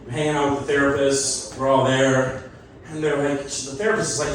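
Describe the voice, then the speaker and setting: A man's voice: mid-range voice, little pitch movement, a little fast, far from the mic. A middle-aged man doing a loose, rambling stand-up comedy set on a club stage, laughing at his own jokes. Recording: echoey club, mic heard from afar, loud crowd.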